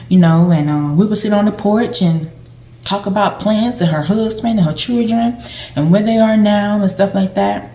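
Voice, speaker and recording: A woman with a low, mellow voice tells a casual, rambling story full of fillers as she gives caregiving tips. The recording carries a roomy echo. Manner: rambling and conversational, with many fillers. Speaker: vlogger and former home health aide.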